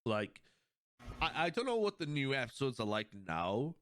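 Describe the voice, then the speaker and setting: A man's voice: mid-range voice, very animated, moderate pace, fairly bright tone. A man hosting a podcast in casual chat, animatedly retelling scenes, laughing often and acting out quoted lines. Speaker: podcast host. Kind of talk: casual chat recapping episodes.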